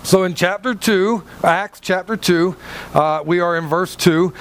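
A man's voice: high voice, a little slow, fairly bright tone, clear, resonant tone. A male pastor preaching to a congregation, reading scripture and telling a story, repeating himself and asking 'Amen?' and 'Okay?'. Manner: rambling, repeats and restarts, checks in with the congregation. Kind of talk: sermon with Bible reading and anecdote.

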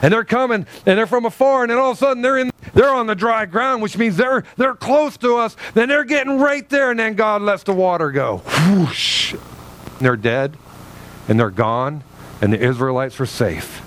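A male pastor preaching a sermon in an animated way, acting out little dialogues with God. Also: high voice, moderate pace, slight background noise.

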